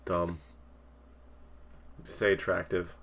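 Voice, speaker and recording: A man's voice: low voice, flat delivery, drawn-out words, creaky, a bit bright. A man co-hosting a podcast, teasing his friends in casual chat. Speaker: podcast co-host.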